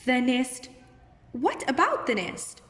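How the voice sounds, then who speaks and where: A woman teaching a kindergarten lesson, speaking slowly and acting out example sentences with big feeling. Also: high voice, very animated, a bit bright, reverberant, in a large hall. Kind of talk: recorded classroom lesson for young children.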